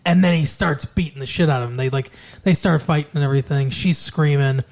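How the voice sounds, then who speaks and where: A man's voice: fairly high pitch, a little fast, darkish tone. A man co-hosting a casual chat, rambling through a movie plot and loosely acting out the characters' lines. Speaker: podcast co-host.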